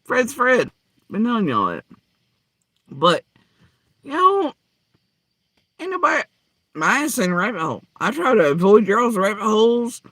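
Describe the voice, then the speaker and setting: A man's voice: sits high, very animated, measured pace, long pauses, a bit bright, no echo. A man ranting angrily and profanely in reaction to clips, mocking and heated. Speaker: commentary host. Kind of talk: angry reaction rant.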